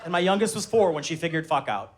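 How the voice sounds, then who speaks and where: Male comic, 30s, high and very lively delivery, live stage set. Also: quick pace, a little hiss or hum. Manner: animated storytelling, shouting high-pitched voices when acting out his kids. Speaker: stand-up comedian. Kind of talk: stand-up comedy set. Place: live comedy venue with laughing audience.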